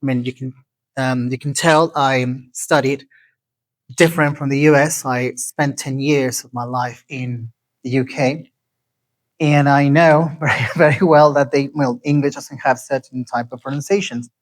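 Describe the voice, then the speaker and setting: A man from Mexico City, giving a lecture and slowly repeating words so listeners can pronounce them. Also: mid-range voice, fairly even intonation, poor audio. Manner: slow, deliberate, repeats words to teach pronunciation.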